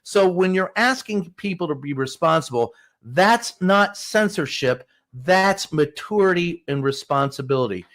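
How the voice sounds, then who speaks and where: A White House correspondent guest on a podcast, talking in a blunt, emphatic way and cursing when he wants to drive a point home. His voice sits a little above the usual male pitch. He tells his stories with conviction. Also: expressive, unhurried, a bit bright. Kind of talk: podcast interview, storytelling.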